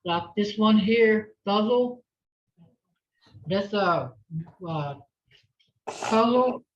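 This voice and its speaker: A woman leads a language class over a video call, speaking very slowly and patiently as she models each word to be repeated. The audio is dull and lo-fi, like a compressed call. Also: lowish voice. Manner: patient, slow, repeats words for the learner. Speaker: language instructor. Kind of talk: online language lesson with call and response.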